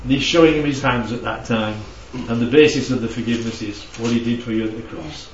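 A man's voice: medium pitch, fast talker, a little hiss or hum. A man preaching a conversational Bible teaching, often checking in with his listeners. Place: church hall. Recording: dull, echoey hall from far off.

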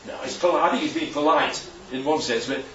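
A man's voice: medium pitch, a little fast, a bit bright, a little hiss or hum. A man preaching a sermon in a chatty way, often asking the room questions. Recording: echoey hall from far off, dull.

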